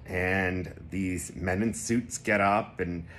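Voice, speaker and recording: A man casually telling a personal anecdote to the camera, animated and jumping into high voices when he quotes people. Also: slow, background noise. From Connecticut. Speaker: vlogger telling a personal story.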